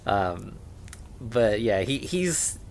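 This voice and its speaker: A man co-hosting a podcast, casually recapping a film with lots of fillers and quick acted-out lines. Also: on the low side, sing-song, gravelly. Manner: laid-back, many fillers, acts out lines. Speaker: podcast co-host. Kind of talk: casual movie recap chat.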